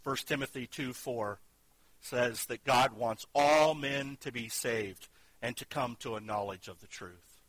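Earnest bright-voiced preacher. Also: male voice, medium pitch, a little slow, no room sound, low-quality recording. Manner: earnest, swings from loud emphasis to hushed. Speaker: pastor. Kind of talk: sermon.

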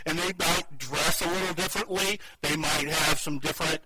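A man's voice: fairly high pitch, steady tone, moderate pace. A male pastor preaching a sermon in a conversational, practical way, on a noisy live church mic.

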